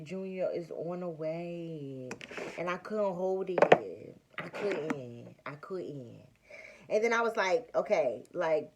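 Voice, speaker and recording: A young woman chats to her viewers with a low, unhurried voice. She tells a personal story casually and slangily, acting out each quote as she goes. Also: a little hiss or hum. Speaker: vlogger.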